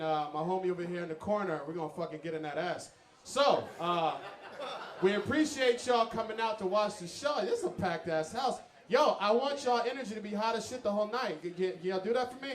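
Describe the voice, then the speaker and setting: A man hosting a live comedy show, doing loud, profane crowd work from the stage. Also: sits high. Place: packed comedy club stage. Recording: roomy live club with crowd noise. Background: laughing crowd.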